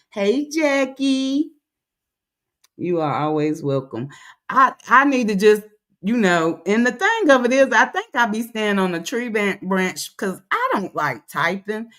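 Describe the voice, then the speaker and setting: A woman's voice: medium pitch, fairly bright tone. A woman hosting a casual livestream. She greets viewers by name in a lifted sing-song voice, then drifts into loose, blunt, rambling talk full of fillers. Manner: loose, chatty and blunt, with fillers and side remarks. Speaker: livestream host.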